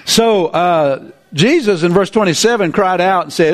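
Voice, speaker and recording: A man preaching a sermon in an animated, folksy way, with laughing asides. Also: high voice, measured pace.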